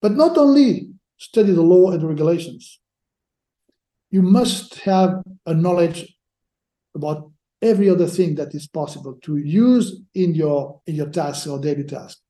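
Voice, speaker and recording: High-voiced man, dark tone, roomy sound. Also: lively intonation. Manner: halting, repeats words while searching for phrasing. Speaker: sports lawyer guest. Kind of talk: podcast interview answers. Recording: roomy echo.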